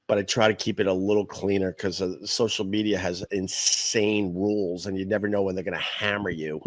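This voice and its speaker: A middle-aged man from Long Island hosts a livestream, rambling bluntly and swearing freely in a deep, low voice. The sound is dry and close, with no room around it. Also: steady tone, moderate pace, no echo. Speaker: podcast host. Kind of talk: casual livestream chat.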